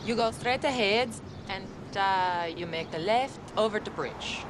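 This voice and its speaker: An Austrian woman, played by an actress, gives directions in a plain, dry, matter-of-fact voice. Her accent is clear in every line. It plays as movie sound, with a vehicle rumble clearly heard behind her. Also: a little slow, natural voice. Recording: movie audio with traffic rumble.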